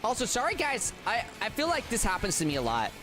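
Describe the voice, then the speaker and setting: Tired, flat-voiced male game streamer. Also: sits high, over music. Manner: flat, subdued delivery with halting restarts. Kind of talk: casual livestream chat with viewers.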